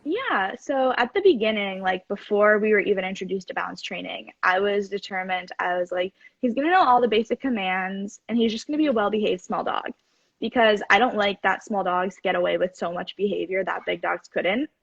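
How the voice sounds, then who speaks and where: A woman's voice: medium pitch, fairly quick, gravelly, slightly rough, no echo. A woman in her twenties, a guest in a casual chat, explaining earnestly and at length. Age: 20s. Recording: dull dry call audio.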